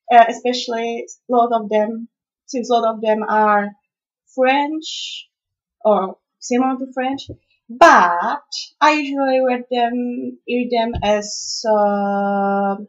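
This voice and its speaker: A woman's voice: on the high side, a bit bright. A young woman from the Czech Republic with a Czech accent, speaking English as a non-native and reading out a word list in a casual home video, hesitating with many fillers. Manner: hesitant, many "uh" fillers, careful spelling-style pronunciation. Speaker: vlogger. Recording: dull lo-fi home video audio.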